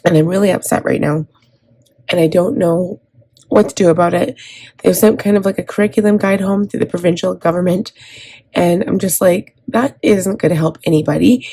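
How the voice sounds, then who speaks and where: A woman from Canada, in her thirties, talks casually while planning and decorating a planner. Her voice is lowish, mellow and a little husky. She rambles, with lots of ums and restarts. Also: normal speed. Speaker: planner vlogger.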